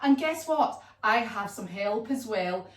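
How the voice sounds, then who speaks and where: A woman's voice: mid-range voice, lively intonation, unhurried, close to an everyday voice. A woman voicing a proud, friendly male crocodile who shows off his big teeth. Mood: cheery boastful. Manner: cheery, boastful. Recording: echoey room, voice from far off.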